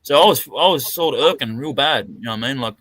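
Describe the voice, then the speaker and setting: Bright-voiced swearing Australian man. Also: mid-range voice, lively intonation, fast talker. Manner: swearing, rambling storytelling with restarts. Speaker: co-host. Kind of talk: casual live-stream chat. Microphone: video call.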